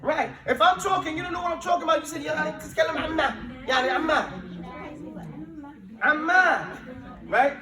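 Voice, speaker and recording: A man with a high voice leads an Arabic language lesson, calling out words for his students to repeat. He explains with lively, emphatic energy, switching between Arabic and English. He sounds some way from the mic in an echoey classroom. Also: brisk, long pauses, a crowd in the background. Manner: drills students with call-and-response, mixing Arabic and English. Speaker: Arabic teacher. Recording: echoey room, mic at a distance.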